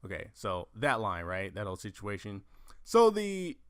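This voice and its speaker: A man hosting a casual movie news podcast, profane and animated, acting out lines from films as he tells them. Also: on the low side, normal speed, clean tone, no room sound, clean studio sound. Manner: profane, animated storytelling with acted-out quotes. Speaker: podcast host.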